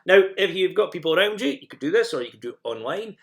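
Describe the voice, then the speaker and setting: In a recorded language lesson, a male teacher with a gravelly voice moves quickly, barely pausing, his pitch lively and shifting up and down. He lays out each step plainly and repeats example phrases so learners can imitate them, with a few fillers and restarts along the way.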